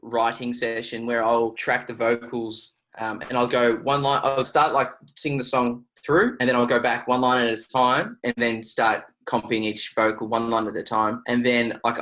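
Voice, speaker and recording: Guest: Australian man, mid-pitched, laid-back and rambling, peppered with "like", casual shop talk. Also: poor audio. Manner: relaxed, rambling, lots of 'like' fillers. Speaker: guest producer. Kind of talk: casual studio interview.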